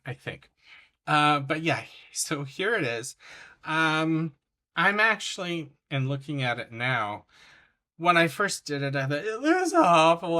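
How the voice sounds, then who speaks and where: A man's voice: mid-range voice, bright, forceful tone. A man hosting a coloring channel, chatting in a rambling, effusive way about his finished pages. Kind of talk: casual chat showing finished coloring pages.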